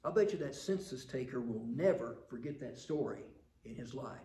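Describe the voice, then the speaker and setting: Older pastor preaching in a roomy hall. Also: male voice, mid-range voice, animated, normal speed, a little hiss or hum. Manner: warm storytelling, building to emphatic passages. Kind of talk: sermon.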